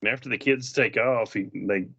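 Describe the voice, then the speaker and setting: A man with a fairly low voice talks through a western in a relaxed review chat. He retells scenes and slips into the characters' lines. The sound is dull and lo-fi. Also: moderate pace, gravelly, breathy edge. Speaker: movie reviewer. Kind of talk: casual film review chat.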